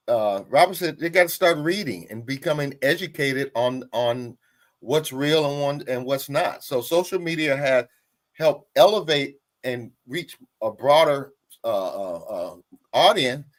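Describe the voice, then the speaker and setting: Deliberate emphatic guy on a political roundtable, ordinary pitch. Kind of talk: political discussion.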